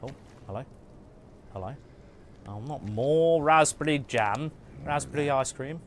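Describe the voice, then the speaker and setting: Man, streamer, casual gaming commentary, jokey, chatty, muttered asides, mid pitch. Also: unhurried, a little hiss or hum.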